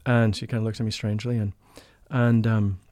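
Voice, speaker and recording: Male interview guest, earnest and emotional, low dark voice, dry room. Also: flat delivery, a little fast, no echo. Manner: earnest, emotional, drops to a hushed voice for quotes. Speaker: podcast guest, spiritual life coach. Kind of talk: storytelling in a casual interview.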